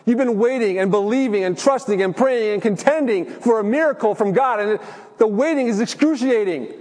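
Pastor, male, high voice, earnest sermon delivery, long reverb of a church hall. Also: darkish tone. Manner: earnest preaching, slows for emphasis.

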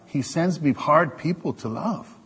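A male preacher giving an animated, joking sermon to his congregation. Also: a little high, measured pace, breathy edge, in a large hall. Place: church hall.

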